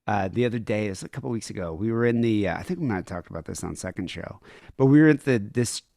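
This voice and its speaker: A man's voice: lowish voice, quick pace, vocal fry, warm tone, dry recording, studio quality. An American man hosting a podcast in casual chat, talking in a rambling, offhand way. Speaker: podcast host.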